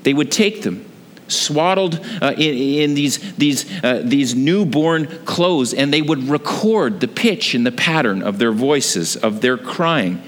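A man preaching a sermon, telling a story with lively delivery and frequent ums and uhs. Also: medium pitch, slow pace. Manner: animated storytelling with frequent fillers. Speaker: pastor. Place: church sanctuary. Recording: long hall reverb.

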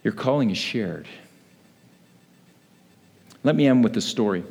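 A man preaching a sermon as a pastor, telling a story with lively acted-out voices. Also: mid-range voice, unhurried.

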